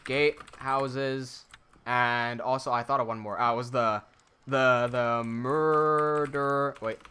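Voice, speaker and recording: Bright-voiced man chatting on a livestream. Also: medium pitch, level tone, unhurried, slight background noise. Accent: American-sounding English. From Hong Kong. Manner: chatty, reads viewer messages aloud, many restarts. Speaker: Minecraft livestreamer. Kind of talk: casual livestream chat while building.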